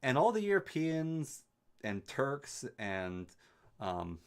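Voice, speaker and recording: Lively Canadian man chatting while gaming. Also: mid-range voice, slow pace, smooth. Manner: rambling and chatty, with wry asides. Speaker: streamer. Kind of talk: casual chat while gaming, answering live chat.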